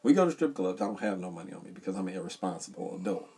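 A man co-hosting a podcast, telling stories in an animated, joking way. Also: deep voice, very fast, husky. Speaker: podcast co-host. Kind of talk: casual chat.

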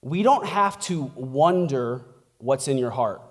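A man's voice: mid-range voice, animated, slow pace, in a large hall. A man preaching as a pastor in a casual, conversational sermon, chatty and laughing, tossing in "like" and "right?" as he goes. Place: church.

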